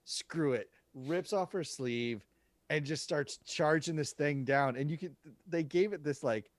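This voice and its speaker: A man's voice: fairly high pitch, measured pace, no room sound. A man co-hosting a casual movie review podcast, chatty and prone to repeating words as he starts a thought. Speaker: podcast co-host.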